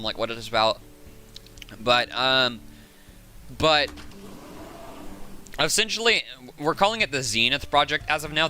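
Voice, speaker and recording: A man's voice: mid-range voice, pushed and bright. A young man from the Southern United States with a Southern accent, chatting casually and rambling during a live game stream. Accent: Southern American. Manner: rambling, chatty, laughs often.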